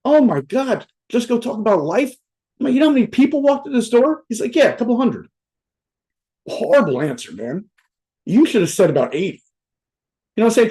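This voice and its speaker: This man's voice is high-pitched and darkish, captured on poor audio. He's a motivational speaker at a virtual event over video call, rambling and joking through a loose, profane talk while tacking "right?" onto almost every point.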